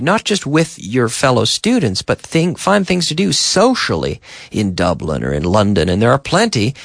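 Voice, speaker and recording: A man's voice: medium pitch, creaky, dry recording, clean studio sound. A man from eastern Canada teaching English on the radio, patiently repeating and drilling words for his learners. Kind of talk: radio English lesson for Spanish speakers.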